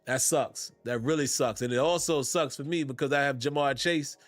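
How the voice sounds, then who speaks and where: A man's voice: medium pitch, moderate pace, no room sound, soft background music. A man hosting a sports fan podcast, talking casually with easygoing slang and frequent laughs. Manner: laid-back Southern-tinged slang, laughs often. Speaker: podcast host.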